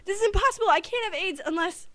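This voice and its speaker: A woman voicing a panicked, furious young cartoon boy who yells his denials. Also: extremely high pitch, quick pace, pitched above the performer's own voice. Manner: shrieking, yelling.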